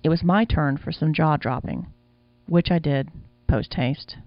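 A man's voice: on the high side, measured pace, no room sound. A man reading a first-person audiobook in a wry, casual storytelling manner. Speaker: audiobook narrator. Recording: dull lo-fi sound.

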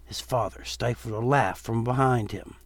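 A man reading a Halloween horror story aloud in a steady, measured storytelling voice. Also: mid-range voice, background noise. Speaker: narrator. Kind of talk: storytelling narration.

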